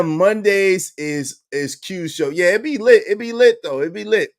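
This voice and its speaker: A man hosting a livestream, chatting casually and shouting out viewers by name in lively slang. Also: high voice, moderate pace, hardly any pauses. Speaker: livestream host.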